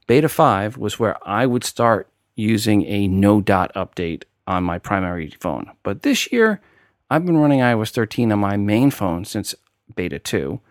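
A tech podcast host with a New York accent talks casually at a moderate pace, walking through steps one at a time. His voice is on the low side and very animated. The studio-quality recording has no room sound.

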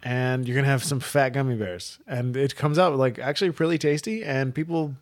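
This man's mid-range voice moves a little fast. As a casual podcast co-host, he reads encyclopedia text aloud and riffs on it, swearing heavily.

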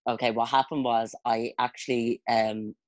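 A woman's voice: a bass voice, level tone, normal speed, dry recording, highs cut off. A woman chatting casually, rambling and self-conscious with many fillers. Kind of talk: casual chat.

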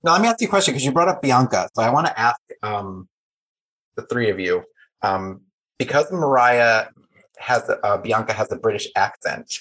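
A man hosting a casual podcast chat, animated and campy as he asks his guests questions. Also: medium pitch, moderate pace, poor audio. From United States.

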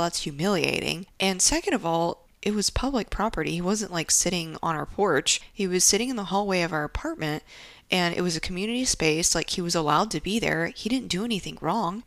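A young woman with a low-pitched voice talks through a personal story, candid and lively with wry asides. The recording is dry and close, with no room echo. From Japan. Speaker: podcast host. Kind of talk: casual storytelling monologue.

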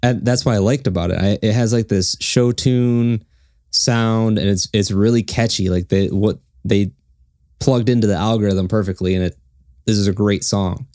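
Male podcast co-host, low voice, easygoing and halting, dry room. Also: dry recording. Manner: relaxed, hesitant, repeats words. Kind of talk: casual music review chat.

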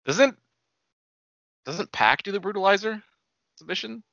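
A man co-hosts a podcast in relaxed, joking chat and swears casually now and then. His voice is bright and moves a lot in pitch. The sound is dry and dull, like a lo-fi recording. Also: a little slow, creaky, dry recording. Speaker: podcast co-host.

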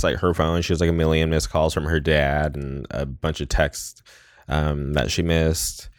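A man's voice: rumbling low, level tone, normal speed, no room sound, studio quality. A man hosting a podcast, casually recapping a movie and rambling with lots of "like" and "um". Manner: rambling, heavy use of "like" and "um". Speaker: podcast host.

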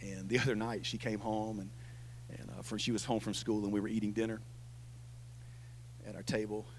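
A man in his thirties preaching a sermon, telling a family story with lively swings between loud and hushed delivery. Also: lowish voice, brisk, a little hiss or hum, rough recording. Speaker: pastor.

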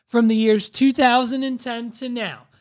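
A woman co-hosting a podcast, reacting to a clip in an animated, joking way and recapping it quickly. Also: on the high side. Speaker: podcast co-host. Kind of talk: casual podcast reaction commentary.

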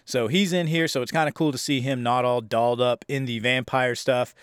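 A young man casually reviewing an old horror film, rambling, sarcastic and profane, acting out scenes in quick voices. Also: medium pitch, fairly even intonation, clean tone, dry recording, studio quality.

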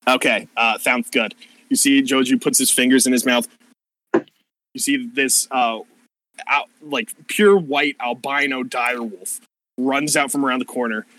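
A man's voice: medium pitch, steady tone, a little slow, a bit bright, poor audio. A man narrating a tabletop game as game master, casual and profane, rambling with plenty of fillers.

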